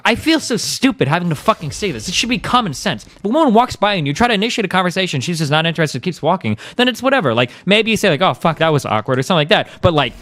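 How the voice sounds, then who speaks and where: A man's voice: high voice, sing-song, a bit bright. A young man streaming, ranting and arguing in a profane, heated, casual way. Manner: profane, fast, argumentative.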